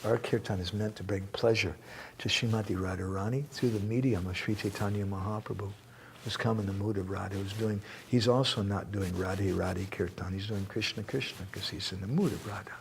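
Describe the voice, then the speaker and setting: A man giving a spiritual lecture and answering questions, animated and joking, reciting verses. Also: fairly low pitch, a little fast, gravelly, slight background noise. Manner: animated, quotes verses, jokes and laughs. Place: temple hall.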